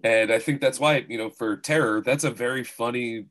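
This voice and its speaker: A man's voice: medium pitch, normal speed, a bit bright. A man hosting a podcast, interviewing a guest and talking enthusiastically about films. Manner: enthusiastic, reflective film talk. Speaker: podcast host. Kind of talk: casual interview.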